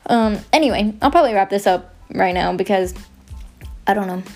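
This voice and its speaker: A woman's voice: mid-range voice, a little fast, darkish tone, faint music behind. A young woman hosting her podcast, chatting in a rambling, goofy, self-mocking way. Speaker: podcast host. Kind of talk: casual rambling chat.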